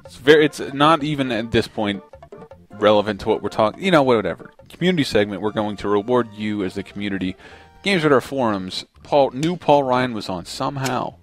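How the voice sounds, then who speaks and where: A man's voice: mid-range voice, a little fast, faint music behind. A man hosting a casual podcast, chatting loosely with plenty of "like"s and restarts. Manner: chatty, with many fillers and restarts. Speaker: podcast host.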